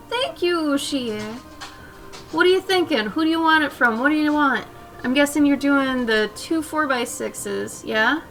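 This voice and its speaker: Female streamer, high and unhurried, soft rambling casual chat, desk mic, faint music behind. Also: animated. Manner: chatty, soft-spoken, drifting between asides. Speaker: live-stream artist host. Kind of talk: casual chat while drawing.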